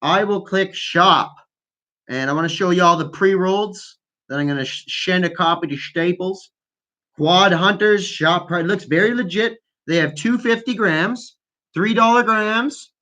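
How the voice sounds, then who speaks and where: A man's voice: high voice, measured pace, sharp tone. A man hosting a casual call-in chat, freestyle rapping and rambling with heavy profanity, stoned. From Canada. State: high on weed. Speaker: host.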